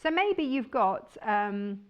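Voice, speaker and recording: A woman's voice: fairly high pitch, sing-song, slow pace, clear, resonant tone, muffled recording. A woman presenting fabrics on a shopping channel, chatty and enthusiastic. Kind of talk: chatty live sales presentation.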